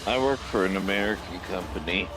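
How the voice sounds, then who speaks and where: A man's voice: sits low, fairly quick, over music. A man chatting casually on a gaming stream, giving long rambling explanations with frequent restarts. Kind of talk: casual chat.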